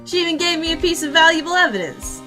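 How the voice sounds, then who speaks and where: A woman voicing a gruff, loyal male police detective in a put-on Southern accent, loud and blustering. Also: very high-pitched, expressive, quick pace, soft background music, voice pushed up, exaggerated voice. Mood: pleased. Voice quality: loud, blustering, says pal.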